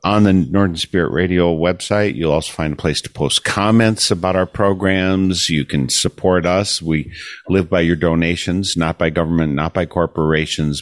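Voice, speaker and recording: A man's voice: low-pitched, no echo, clean studio sound. A man hosting a community radio interview, talking in an earnest, enthusiastic and rambling way. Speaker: radio host.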